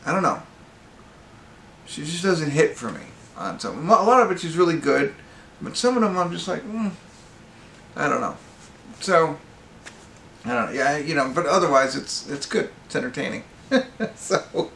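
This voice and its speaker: A man's voice: on the high side, gravelly, fairly bright tone, roomy sound, slight background noise. A man giving a casual, rambling movie review, full of fillers and restarts. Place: pub.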